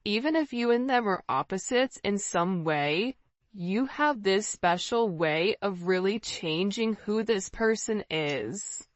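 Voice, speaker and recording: Slow-talking woman reading tarot. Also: medium pitch, expressive, no echo. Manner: intuitive, repetitive, earnest, talks straight to the viewer. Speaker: tarot reader. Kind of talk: casual tarot reading to camera. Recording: slightly dull lo-fi sound.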